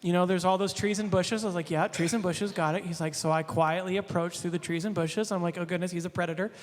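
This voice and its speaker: A male pastor telling a casual anecdote, animated, laughing often and acting out the quotes. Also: sits high, fast, big-room sound.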